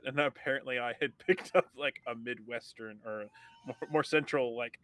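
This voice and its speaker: A man's voice: mid-range voice, steady tone, brisk, pushed and bright, no room sound. Rambling man from California. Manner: rambling, restarts, profane. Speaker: player. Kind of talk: casual tabletop session chat.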